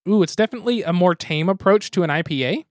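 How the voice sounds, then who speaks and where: A man's voice: sits high, animated, fast talker, dry recording, studio quality. A man hosting a casual podcast, easygoing and methodical as he reviews. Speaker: podcast host. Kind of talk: casual podcast chat, beer and game review.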